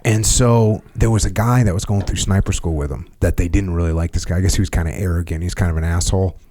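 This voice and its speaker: A middle-aged man with a low voice hosts a podcast. He tells stories in a relaxed, conversational way. He sounds animated and laughs often. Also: fast, slight background noise. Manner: animated retelling, laughs often, reads a passage aloud. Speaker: podcast host. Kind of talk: casual conversational storytelling.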